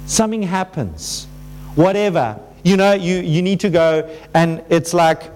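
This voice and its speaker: A male pastor preaching a conversational sermon, animated and full of restarts, acting out the voices people use with themselves. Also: high voice, measured pace, faint music behind. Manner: animated, acts out quoted inner voices. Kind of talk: sermon to a congregation.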